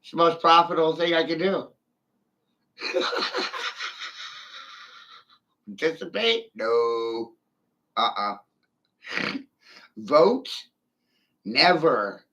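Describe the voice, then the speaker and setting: A man's voice: on the high side, lively intonation, takes it slowly, long pauses, a bit bright, highs cut off. A man giving a rambling livestream monologue from his chair, sardonic, swearing freely and laughing between remarks. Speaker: streamer. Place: seated in a chair.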